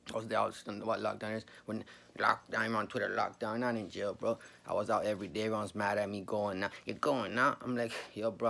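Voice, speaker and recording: A man's voice: on the low side, creaky, a bit bright. A man, telling a story casually, full of slang and swearing. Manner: slangy, swears a lot, says bro often.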